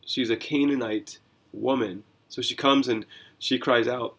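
A man hosting a Bible reading podcast as a pastor, talking through scripture in a conversational, animated way with rhetorical questions. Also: medium pitch, a little slow.

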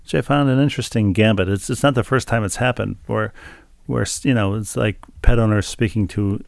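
A man's voice: on the low side, a little fast, vocal fry, a little mellow, dry recording. A middle-aged man co-hosting a podcast, telling a story in casual chat with dry, wry humor. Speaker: podcast co-host.

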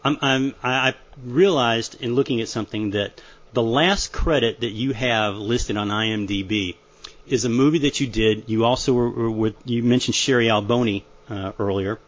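A man's voice: medium pitch, normal speed. A man hosting a podcast interview, conversationally filling in background for listeners. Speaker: podcast host. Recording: dull lo-fi audio.

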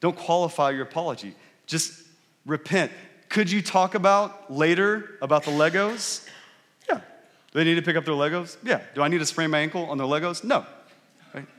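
This man in his thirties preaches in a conversational style, his slightly high voice fairly bright and moderately paced. The recording has long hall reverb, and he regularly checks in with the congregation by asking "right?".

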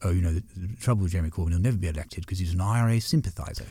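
A man's voice: low-pitched, racing, dark tone, breathy edge, no echo, clean studio sound. A man imitating a posh, dismissive older male judge with a plummy upper-class drawl.

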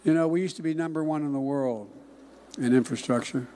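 An older man giving a political speech in a folksy, emphatic way, often dropping into hushed asides. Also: fairly high pitch, fairly quick, slight background noise. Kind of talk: political campaign-style speech.

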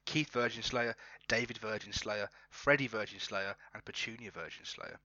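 A man's voice: fairly low pitch, normal speed, sharp tone, no room sound. A man narrating a comic interactive story to a co-host, often laughing as he reads. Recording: slightly dull, dry recording.

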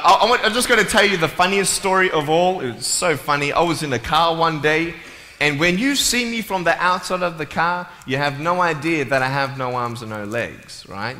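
A young man giving a humorous speech to a live audience, telling stories in a playful, joking way. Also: fairly high pitch. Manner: playful, joking, lively storytelling. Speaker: motivational speaker. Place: large hall with a live audience. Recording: echoey hall with faint ambience.

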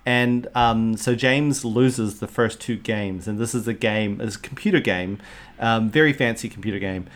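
A fairly low-voiced man talks through a film in relaxed podcast chat. He gets animated, swears freely and throws in quick quoted lines. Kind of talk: casual chat.

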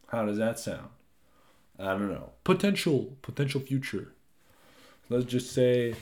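A young man hosting his own podcast, chatting loosely and rambling, with frequent swearing and lively asides. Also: mid-range voice, measured pace, long pauses. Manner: rambling, profane, animated asides. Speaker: podcast host. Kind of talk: casual solo podcast chat.

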